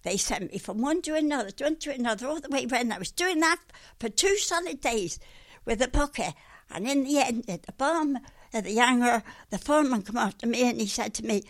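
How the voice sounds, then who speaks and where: A woman's voice: high-pitched, normal speed. An older woman telling stories from her working life in a blunt, colloquial way, acting out the voices of the people in them. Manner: lively, acts out the voices in her story; blunt, mild swearing, colloquial grammar. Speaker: storyteller recalling working life. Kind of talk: casual oral-history storytelling.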